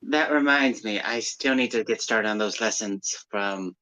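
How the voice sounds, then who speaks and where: A man playing a tabletop game speaks earnestly and trips over his restarts. His voice is bright and a bit tense. It comes through a dull, lo-fi microphone. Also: fairly low pitch, a little slow. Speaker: player. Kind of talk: tabletop role-play chat.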